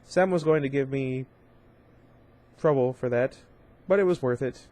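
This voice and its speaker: A man's voice: medium pitch, unhurried, warm tone. A man reading a novel aloud in an informal way, with small slips, restarts and brief asides. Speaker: reader.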